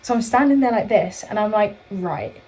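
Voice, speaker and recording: A young woman chatting through a long storytime for her vlog. She rambles, circles back and corrects herself mid-sentence in an easy, middle-pitched voice. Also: a little fast, darkish tone, rough recording. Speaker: vlogger. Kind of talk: casual storytime chat.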